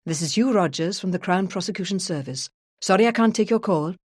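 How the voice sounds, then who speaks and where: A woman narrator voicing a brisk, businesslike male crown prosecutor with a Welsh accent. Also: high-pitched, dry recording, clean studio sound.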